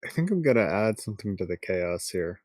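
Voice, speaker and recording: Deadpan male player, hesitant, dry close mic. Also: on the low side, a little fast, no room sound. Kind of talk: casual tabletop chat.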